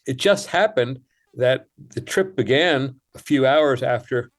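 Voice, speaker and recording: A male guest on a radio program, talking in long, considered sentences. His tone stays measured and explanatory as he lays out his case, with an even pitch typical of a man his age. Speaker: guest writer. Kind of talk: radio interview.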